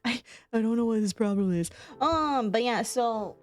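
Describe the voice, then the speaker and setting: A woman's voice: on the high side, moderate pace, soft background music. A young woman streaming casual chat from home, rambling, laughing often and swearing. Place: home room.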